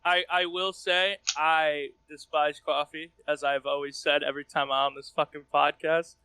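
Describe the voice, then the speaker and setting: A man's voice: fairly high pitch, flat delivery, normal speed, pushed and bright, clear, resonant tone, no room sound. A young man who is a podcast regular, speaking emphatically and dramatically, with swearing, over a call. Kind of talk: casual chat.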